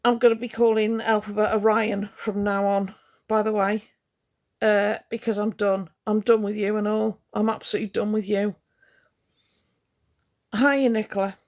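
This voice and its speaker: A woman livestreaming, bluntly cross and sarcastic as she reads and answers her chat. Her voice is mid-pitched with a gravelly, creaky edge. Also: level tone, moderate pace, pauses often, a little mellow. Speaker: livestream host. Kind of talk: ranting livestream talking to chat.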